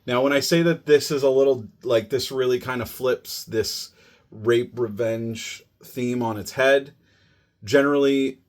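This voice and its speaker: A man's voice: mid-range voice, unhurried. A man reviewing a movie on a podcast, summing up the plot in a loose, chatty way with lots of "you know" and "like". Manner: conversational, many "you know" and "like" fillers. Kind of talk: casual plot summary.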